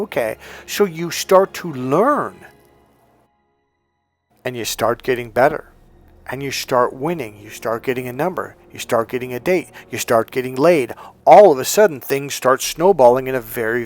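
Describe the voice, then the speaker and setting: A man in his fifties, a dating coach giving a blunt, profane, emphatic motivational monologue. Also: medium pitch. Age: 50s.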